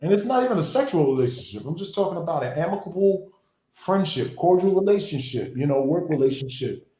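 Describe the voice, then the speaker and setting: A man's voice: fairly high pitch, animated, mellow. Reflective man in an echoey room. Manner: reflective, philosophical, drawn-out phrasing. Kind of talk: casual conversation.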